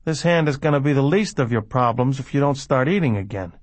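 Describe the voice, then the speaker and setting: A man's voice: medium pitch, expressive, brisk, no echo, close to an everyday voice. A man voicing a cool, unsentimental former doctor who talks in a precise, clinical way.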